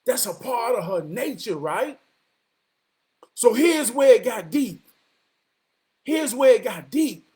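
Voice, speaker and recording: High-voiced emphatic storytelling man. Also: very animated, takes it slowly, long pauses. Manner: emphatic, swings between loud declarations and quiet musing. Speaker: vlogger. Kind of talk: casual storytelling monologue.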